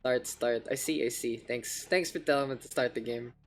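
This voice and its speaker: A man's voice: medium pitch, moderate pace, faint music behind. A man with a Filipino accent, hosting a casual game stream and swearing loosely as he mixes English with Filipino. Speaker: caster and stream host.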